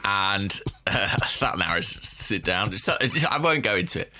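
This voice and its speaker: A man co-hosting a football podcast tells a long, self-deprecating anecdote in casual chat, laughing at his own mishaps. His fairly low voice is animated, unhurried, bright, and forceful.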